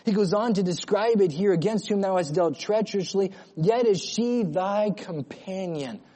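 A man's voice: sits high, normal speed, dark tone. A man preaching a sermon with earnest emphasis, reading scripture aloud and then explaining it to his congregation. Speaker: pastor.

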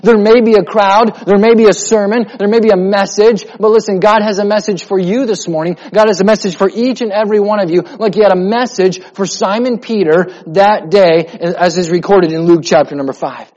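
A man, a pastor, preaching a sermon with emphatic repetition and a steady build toward his point. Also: high voice, a little fast, few pauses. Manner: emphatic preaching with repetition, drops to a soft voice in prayer. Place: church sanctuary. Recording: muffled sound in a reverberant hall.

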